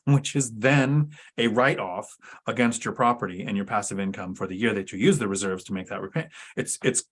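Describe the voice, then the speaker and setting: A man's voice: mid-range voice, fairly bright tone. A man co-hosting a talk show, explaining things in a casual, teacherly way with sarcastic asides. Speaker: podcast co-host.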